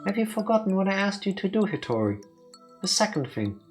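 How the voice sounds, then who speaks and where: A man voicing a gentle ghostly young male bird in a visual novel who speaks softly and quietly, with a pleading sorrow. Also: high-pitched, big pitch swings, fairly quick, faint music behind, pitched above the performer's own voice. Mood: sorrowful.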